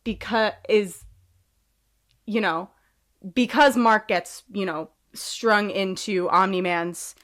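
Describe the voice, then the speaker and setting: A woman's voice: mid-range voice, fairly even intonation, takes it slowly, a bit bright. A woman co-hosting a podcast in casual chat, rambling off on tangents with sarcastic asides. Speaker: podcast co-host.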